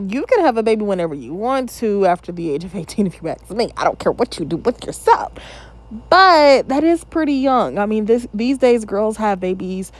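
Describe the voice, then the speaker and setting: A woman in her thirties talks straight to her audience as host of her own channel. She reacts casually and candidly and drifts into opinionated asides. Her voice sits at an ordinary middle pitch. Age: 30s.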